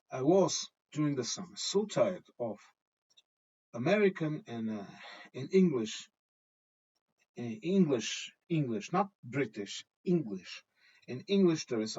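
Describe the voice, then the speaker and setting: A man's voice: mid-range voice, darkish tone, breathy edge. A middle-aged man from Portugal with a Portuguese accent, blunt and swearing freely as he gives his opinions in a casual vlog monologue, often checking in with "okay?". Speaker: vlogger. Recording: dull lo-fi recording.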